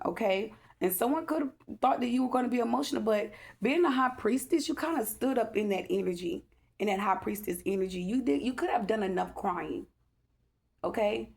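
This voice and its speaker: A woman's voice: mid-range voice, gravelly. A woman giving a casual, rambling spiritual tarot reading, earnest and emotional, often checking in with "okay?". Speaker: tarot reader.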